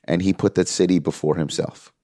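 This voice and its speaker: Low-pitched and a little fast, this man's voice comes through at studio quality without any room sound. As an interview guest and music manager, he earnestly tells a story and imitates the people he quotes with lively delivery.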